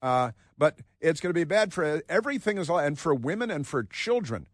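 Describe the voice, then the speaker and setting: A man's voice: on the high side, big pitch swings, normal speed, no echo, studio quality. A man hosting talk radio, mocking and rambling, with frequent filler words. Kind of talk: casual talk radio commentary.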